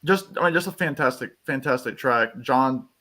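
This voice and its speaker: An eager man co-hosting a laid-back live-stream chat. His voice sits in an ordinary middle pitch, and he rambles along, sometimes breaking into sung or mimicked bits. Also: moderate pace, sharp tone. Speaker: co-host.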